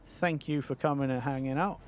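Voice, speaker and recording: London guy streaming a game, chatty, swears a lot, mid pitch voice. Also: steady tone, a little fast. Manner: chatty, swears freely, laughs at himself. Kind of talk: casual chat while gaming.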